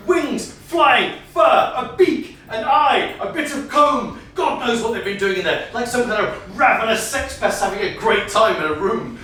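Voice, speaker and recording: Energetic man improvising stories on stage. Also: high voice, normal speed, few pauses. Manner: energetic, laughing, riffing on audience prompts. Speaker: improv storyteller. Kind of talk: live improvised comic storytelling. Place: comedy venue stage. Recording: echoey room from far off, faint noise. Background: audience.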